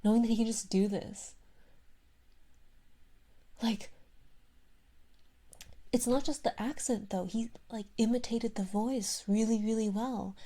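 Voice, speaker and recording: A young woman streamer chatting in a soft ASMR whisper, rambling and self-deprecating as she tells a story, close to a sensitive mic. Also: on the high side, fairly even intonation, measured pace, long pauses.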